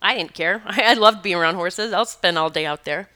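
Bright, crisp-voiced woman telling a story. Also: fairly low pitch, fairly quick. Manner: rambling, self-correcting, earnest. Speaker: animal communicator and Reiki practitioner. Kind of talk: casual personal storytelling.

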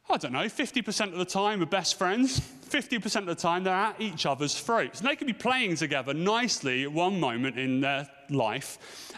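A man's voice: on the high side, fairly bright tone. A man in his thirties preaching a sermon to a congregation, telling stories and asking the room rhetorical questions. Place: church hall. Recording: long hall reverb.

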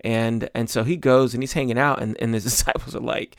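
A man preaching in a relaxed, conversational way, stumbling over repeated words and filling pauses as he reads and explains scripture. His voice sits at an average pitch for a man. The sound is dry and close, with no room echo. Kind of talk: informal sermon with scripture reading.

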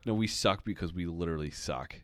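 A young man co-hosting a podcast, talking in a crude, profane, deadpan teasing way. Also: sits low, a little fast, no room sound, studio quality. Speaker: podcast co-host. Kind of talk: crude casual chat.

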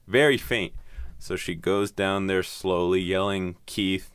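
A man's voice: deep voice, steady tone, measured pace, few pauses, a bit bright, clear, resonant tone, no echo. A man casually retelling a horror story, rambling and swearing, with lots of "like". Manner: rambling, profane, heavy use of "like".

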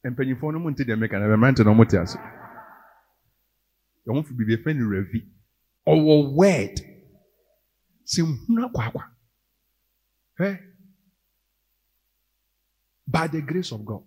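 A man with a Ghanaian accent preaching a sermon, moving between English and Twi and rising to loud, emphatic calls. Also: medium pitch, animated, normal speed, pauses often, husky, big-room sound. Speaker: pastor.

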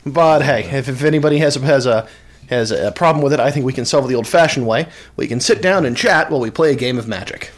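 A man's voice: medium pitch, fast. A man co-hosting a podcast in a casual, joking chat, often restarting his sentences. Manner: animated, joking, with many restarts. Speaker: podcast co-host.

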